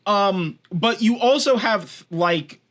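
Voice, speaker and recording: A man with a Californian accent co-hosting a casual podcast chat, his voice sitting a little higher than most men's. He rambles through his points, swears easily and laughs along the way. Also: lively intonation, takes it slowly, a bit bright. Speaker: podcast co-host.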